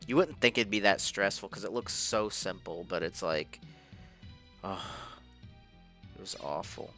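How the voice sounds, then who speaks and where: A man's voice: low-pitched, unhurried, pushed and bright. A man giving casual, rambling commentary over his own gameplay footage, frustrated and swearing often. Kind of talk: casual post-game commentary. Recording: faint game music behind.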